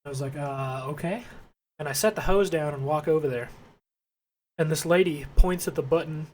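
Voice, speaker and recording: A man's voice: on the high side, brisk, darkish tone, slight background noise. A young man, co-host of a casual podcast, telling an angry, profane work story and acting out both sides of the argument.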